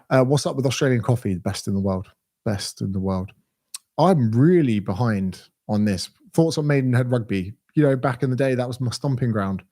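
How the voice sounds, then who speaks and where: A man's voice: mid-range voice, warm tone. A man in his thirties with a southern English accent, a fitness coach answering viewer questions in a blunt, sweary, ranting way. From England. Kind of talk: casual Q&A livestream.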